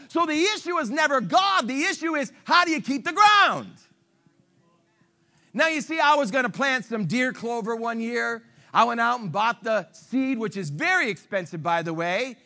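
A man preaching a sermon as pastor, animated and emphatic, teasing his listeners. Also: extremely high pitch.

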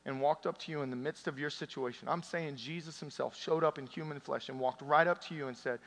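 A man preaching a sermon to a church congregation, swinging from loud emphatic peaks to soft, intimate passages. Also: a little high, fairly even intonation, a little fast, vocal fry, few pauses, in a large hall. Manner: passionate, rising to loud peaks then dropping soft and intimate. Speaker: pastor. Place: church sanctuary.

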